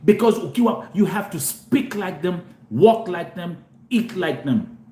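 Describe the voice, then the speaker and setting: A man's voice: high-pitched, expressive, a little slow, dark tone, reverberant, slight background noise. A man from Kenya hosting a show, talking animatedly to viewers and switching between Swahili and English, often repeating himself. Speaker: host. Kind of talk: live show monologue to viewers.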